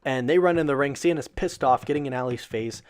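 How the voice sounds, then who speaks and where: A man with an average-pitched voice talks through a wrestling episode in a relaxed, rambling way. He leans on fillers and curses casually. Every so often he gets excited and incredulous. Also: fairly quick. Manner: loose and profane, many fillers, bursts of excited disbelief. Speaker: wrestling show reviewer. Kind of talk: casual recap commentary.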